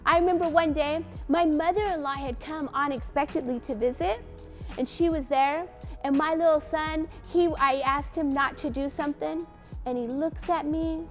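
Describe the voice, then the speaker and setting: A woman pastor giving parenting advice through a lively personal story, acting out the voices of those in it. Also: very high-pitched. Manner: animated storytelling, acts out quotes. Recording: faint music behind.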